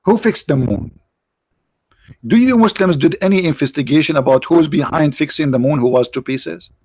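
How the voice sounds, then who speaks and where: A man's voice: on the high side, expressive, moderate pace, a little mellow, breathy edge, no echo. A man hosting a livestream, giving mocking, sarcastic religious debate commentary in broken English. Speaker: livestream host.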